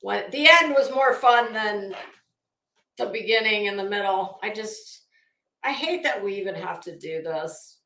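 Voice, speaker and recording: A woman's voice: mid-range voice, expressive, measured pace, bright, forceful tone, reverberant. A tired, worn-out woman hosting a livestream in casual chat, reading comments and rambling with trailing thoughts. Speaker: livestream host.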